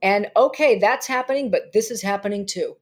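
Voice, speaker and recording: A woman therapist telling animated stories in a podcast conversation, laughing often as she talks. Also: mid-range voice, fairly quick.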